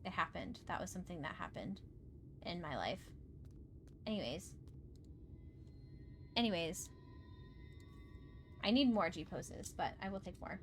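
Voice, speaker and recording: A woman streaming a video game, chatting casually, repeating herself and breaking into excited squeals. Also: fairly low pitch, a little slow, long pauses, soft background music. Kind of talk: casual gameplay livestream chat.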